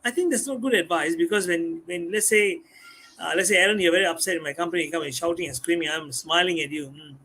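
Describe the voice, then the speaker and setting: A man, a guest speaking on a live stream, animated and repeating words as he explains. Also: high voice, fairly quick. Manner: animated, acts out customers' voices, repeats words. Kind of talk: live-stream talk on communication skills.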